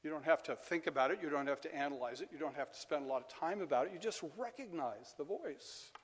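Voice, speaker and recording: A male preacher delivering a measured sermon in a church, letting key phrases fall soft and repeating them for emphasis. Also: on the high side, expressive, slightly rough. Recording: long reverb of a large hall.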